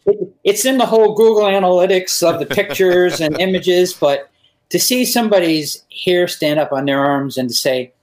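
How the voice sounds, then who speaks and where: Enthusiastic male musician guest, slightly high voice, stumbles over his words. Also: moderate pace, poor audio. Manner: enthusiastic, frequent stammered restarts. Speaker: pianist and composer guest. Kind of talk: conversational podcast interview.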